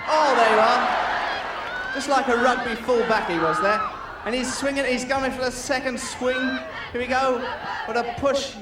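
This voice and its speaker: A man's voice: very high voice, moderate pace, heavy background noise. A man presenting and commentating an outdoor team game, joking and teasing the players. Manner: jokey, teasing, excitable. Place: outdoor sports field with crowd. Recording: echoey, distant mic, loud crowd.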